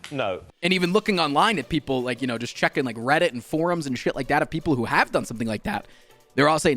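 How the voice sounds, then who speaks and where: A man's voice: on the high side, lively intonation, a little fast, bright, forceful tone, faint music behind. Exasperated man ranting a story. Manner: exasperated, swearing, mocking voices. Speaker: streamer telling a story. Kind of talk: animated storytime rant.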